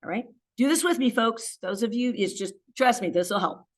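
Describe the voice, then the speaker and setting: A woman's voice: on the high side, animated, a little fast. A woman math teacher giving a video lesson, stressing key words and encouraging her students.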